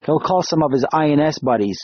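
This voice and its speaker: Guy doing a warm young wife on the phone, soft lifted voice, kinda husky, dull lo-fi sound. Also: fairly high pitch, expressive, quick pace, no room sound. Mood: pleased.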